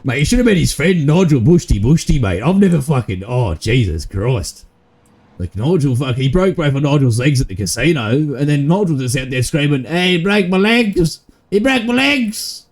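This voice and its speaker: A man's voice: mid-range voice, lively intonation, fairly quick, dark tone, slightly rough. A man with an Australian accent, swearing and bantering in a roleplay game stream. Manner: crude, swearing banter in broad slang. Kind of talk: roleplay gaming chat.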